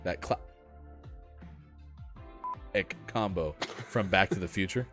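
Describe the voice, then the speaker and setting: Low-voiced joking male show host. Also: takes it slowly, faint music behind. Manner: joking, lively, reads chat aloud. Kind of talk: casual live-stream banter.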